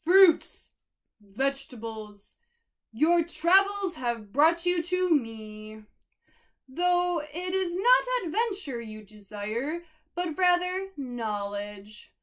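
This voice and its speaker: A solemn old produce sage, as a woman reading a children's picture book puts him on, speaking in slow, weighty riddles. The voice sits high and bright for an old man. Every line lands like grand wisdom for a storybook. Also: sing-song, heavily acted.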